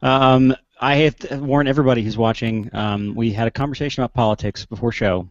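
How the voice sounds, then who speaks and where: A man's voice: medium pitch, fairly even intonation, brisk, few pauses, no room sound, highs cut off. A man hosting a casual online panel show from a video call, joking and mocking himself as he introduces the crew. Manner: joking, self-mocking, playful.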